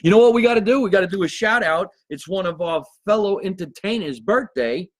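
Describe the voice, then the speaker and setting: A man's voice: sits high, fairly quick, no echo. A man hosting a casual live chat show as a comedian, joking and laughing with viewers. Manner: laughs often, animated banter with viewers. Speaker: comedian host.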